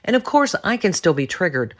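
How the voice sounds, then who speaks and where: A woman's voice: fairly low pitch, very animated, fairly quick. A woman talks alone on her podcast about personal growth, speaking bluntly and with conviction. She stresses key words by repeating them and often turns to address the listener directly. Her delivery stays self-assured and emphatic throughout. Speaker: podcast host. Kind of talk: solo monologue on personal development.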